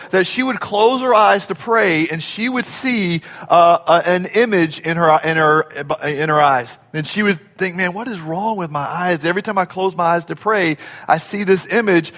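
Middle-aged preacher guy, high voice, big hall echo, gets loud and fired up. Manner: emphatic, animated preaching with acted quotes and rising shouts. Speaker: pastor. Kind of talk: sermon. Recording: long hall reverb.

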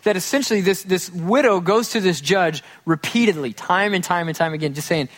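Joking pastor with a slightly high voice. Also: male voice, a little fast. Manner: casual, joking, acts out quotes. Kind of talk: conversational sermon.

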